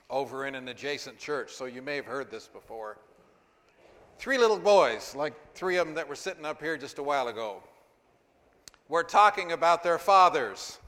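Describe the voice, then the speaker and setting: A man's voice: medium pitch, a bit bright. A man giving an upbeat, joking call to offering in church. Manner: upbeat, joking pep talk. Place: church sanctuary. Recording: long hall reverb of a church.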